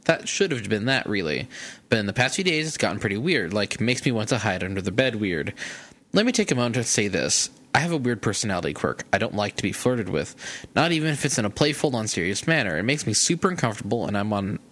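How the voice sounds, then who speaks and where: A man hosting a podcast who reads a listener's email aloud in an animated way and laughs between lines. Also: fairly low pitch, fast. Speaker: podcast host.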